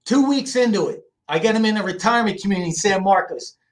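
A middle-aged man from the Philadelphia area, a guest in an interview, telling family stories in a lively, casual way and often checking in with "right?". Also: sits high, fast. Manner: animated storyteller, asks "right?" often. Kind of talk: casual storytelling.

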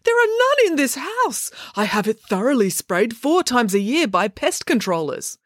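A woman's voice: fairly high pitch, very animated, moderate pace, no room sound, clean studio sound, voice pushed up. A woman voicing a fussy, germ-phobic middle-aged father who rants anxiously. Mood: outraged. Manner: anxious, fretful ranting.

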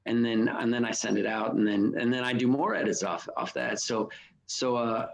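A man's voice: medium pitch, moderate pace, gravelly, low-quality recording. A middle-aged man, a novelist and songwriter, talking casually in an interview, rambling and frank, swearing often and restarting his sentences.

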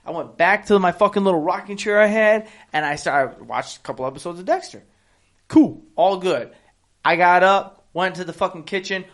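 Male podcast host with a high voice, brash, animated and profane when telling a story. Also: normal speed. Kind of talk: casual podcast chat.

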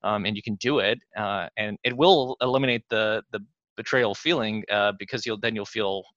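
Man, interview guest, sharp bright voice, rambling with restarts, dull dry lo-fi audio. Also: on the low side, moderate pace, dry recording. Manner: rambling, many fillers and restarts, chuckles often. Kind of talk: interview conversation.

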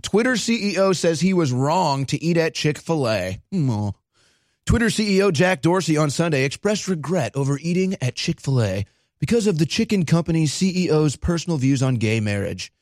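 A man hosting a political commentary show, excitable and mocking, often breaking into laughter. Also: fairly high pitch, moderate pace, dry recording, clean studio sound. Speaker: host.

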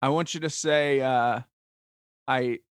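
Man, podcast guest, quick to joke and laugh, dry close mic. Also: medium pitch, fairly even intonation, clean tone, dry recording. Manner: joking, laughs easily. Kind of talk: casual podcast chat.

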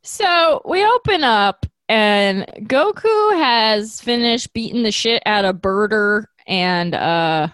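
Lively high-voiced woman recapping on a podcast. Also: takes it slowly, hardly any pauses, dry recording. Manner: animated storyteller, acts out characters' lines. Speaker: podcast co-host.

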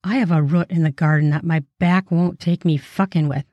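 A woman's voice: low-pitched, fairly even intonation, a little fast, no room sound, muffled recording, lightly acted. Woman voicing a bold teasing older woman. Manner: sultry, teasing, hissing. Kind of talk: erotic audiobook reading.

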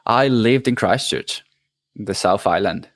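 A man in his thirties from Italy with an Italian accent, a guest in a casual interview, speaking in a halting way with many restarts. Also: fairly low pitch, a bit bright, dry recording.

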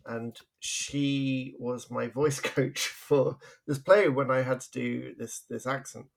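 Gravelly man telling stories. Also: medium pitch, steady tone, slow pace. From England. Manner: chatty storytelling, laughing often. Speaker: podcast co-host. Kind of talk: casual podcast chat.

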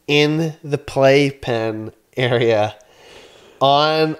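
A man in his thirties, a podcast co-host, telling an animated story in casual chat, swearing and acting out his own yelling. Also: medium pitch, moderate pace.

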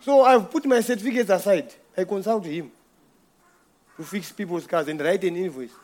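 A man's voice: high voice, normal speed, darkish tone. A man giving an informal church testimony, telling a rambling story with frequent chuckles.

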